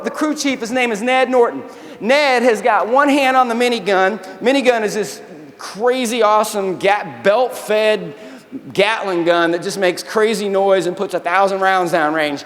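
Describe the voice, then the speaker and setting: High-voiced man telling a war story. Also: normal speed. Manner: animated storytelling, acts out quotes, addresses crowd as y'all. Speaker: keynote speaker, army veteran. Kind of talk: keynote storytelling. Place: large convention hall. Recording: long hall reverb.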